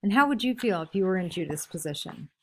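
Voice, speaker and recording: A woman's voice: medium pitch, expressive, fairly bright tone. A woman teacher reading passages from a novel and asking her class questions about them. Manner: asks many questions, pausing for answers; reads book passages aloud, then explains. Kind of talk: classroom read-aloud with discussion questions.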